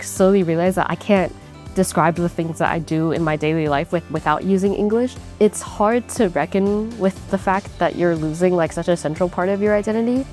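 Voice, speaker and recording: A young woman from Taiwan in her twenties, speaking wistfully in an interview, often pausing on 'like'. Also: on the low side. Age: 20s. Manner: wistful, soft-spoken, frequent 'like'. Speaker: international student. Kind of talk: interview testimony.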